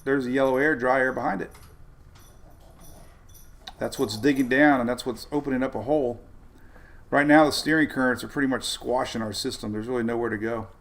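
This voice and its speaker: Reading viewer comments and rambling with plenty of laughs, a man hosts a laid-back weather livestream. His medium-pitched voice is a bit bright and fairly even, brisk but broken by long pauses.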